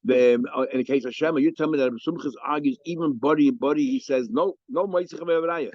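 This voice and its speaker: A man's voice: mid-range voice, steady tone, fast, dry recording, dull audio. A man teaching a Talmud lesson, explaining cases with frequent restarts and Hebrew and Aramaic terms.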